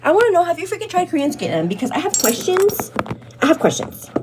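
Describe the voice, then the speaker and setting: A woman's voice: very high voice, very animated, quick pace, noisy background. A woman in her thirties hosting a get-ready-with-me live stream, chatting to her viewers, calling them "girl" and thanking them by name as she gets ready at home. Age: 30s. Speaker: livestream host.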